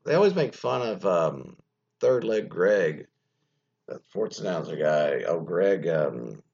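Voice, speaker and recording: Radio host, male, gravelly and animated, rambling and offhand, muffled lo-fi sound. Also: low-pitched, takes it slowly. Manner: rambling, many fillers and trailing asides, mildly profane. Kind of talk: casual solo talk, reading an article aloud with comments.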